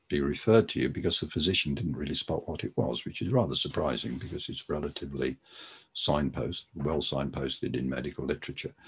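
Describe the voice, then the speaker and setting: A man with an extremely deep, husky voice gives a webinar lecture on podiatry. He talks in a loose, conversational way, with many ums and restarts. He speaks into a computer microphone.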